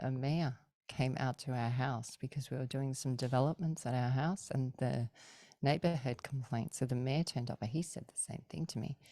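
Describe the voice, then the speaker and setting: A middle-aged woman, a podcast guest, telling stories in a casual, animated way, acting out the voices of people she quotes and laughing often. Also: rumbling low, no echo. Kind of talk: casual storytelling.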